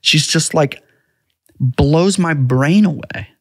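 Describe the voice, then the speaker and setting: Animated man telling home stories. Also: a little high, takes it slowly, husky, no echo, clean studio sound. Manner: animated storyteller, acts out quotes in a raised voice. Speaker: podcast host. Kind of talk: casual chat.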